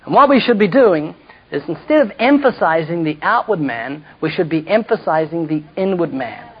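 Husky man preaching a humorous sermon. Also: a little high, sing-song, normal speed. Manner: storytelling, jokey asides, self-mocking. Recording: dull lo-fi recording.

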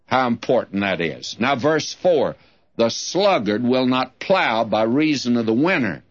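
A man's voice: medium pitch, big pitch swings. An older man teaching through Bible verses, reading scripture aloud and explaining it plainly. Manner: slow, deliberate, reads scripture then explains it. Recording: dull lo-fi sermon recording.

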